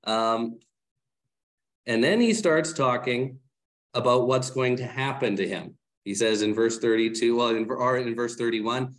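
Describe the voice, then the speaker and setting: A man leads a Bible study in a loose, conversational teaching voice of middle pitch. He asks his listeners questions and corrects himself while he explains. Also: a little slow. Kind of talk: casual teaching talk.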